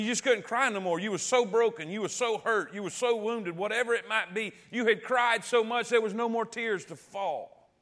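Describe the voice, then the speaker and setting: A man's voice: sits high, a bit bright. A man preaching a sermon as pastor, calling out to the congregation and repeating key phrases.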